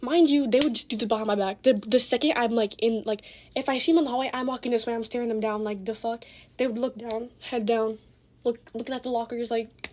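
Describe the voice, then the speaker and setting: A woman's voice: on the high side, a little hiss or hum. A teenage girl telling a messy school drama story in a casual, slangy, profane rant. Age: teens. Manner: fast, slangy, profane, animated retelling.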